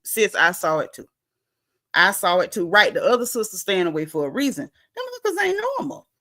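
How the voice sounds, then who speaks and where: A woman recapping a reality show in casual livestream chat. She tells the story with animated swings in her voice, acts out what the cast said, and reads viewer comments aloud. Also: on the low side, a little fast.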